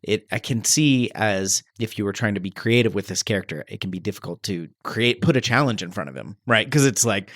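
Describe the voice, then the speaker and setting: A man's voice: fairly low pitch, brisk, hardly any pauses, fairly bright tone, dry recording, studio quality. A man co-hosting a movie podcast in casual chat, teasing and laughing often. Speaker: podcast co-host.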